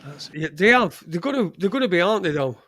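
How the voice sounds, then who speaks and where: Man, casual host, swears a lot, fairly high voice, dry mic. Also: lively intonation, fast, bright, forceful tone, dry recording. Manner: crude, rambling, swears freely. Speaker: podcast host. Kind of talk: casual live-stream chat.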